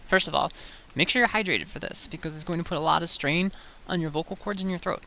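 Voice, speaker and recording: Gravelly-voiced woman coaching casually. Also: fairly low pitch, a little fast, bright, forceful tone. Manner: chatty, loose, many fillers and self-corrections. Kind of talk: casual tutorial talk to camera. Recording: faint hiss.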